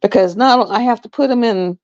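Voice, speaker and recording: A woman telling stories on a live stream in a casual, animated way, laughing and acting out voices. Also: a little high, brisk, dry recording. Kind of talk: casual storytelling chat. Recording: dull lo-fi sound.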